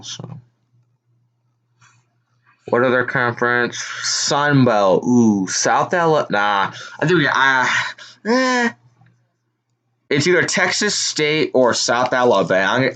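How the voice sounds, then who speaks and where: A man hosting a casual live reaction stream, telling rambling, animated stories. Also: medium pitch. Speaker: sports live-stream host.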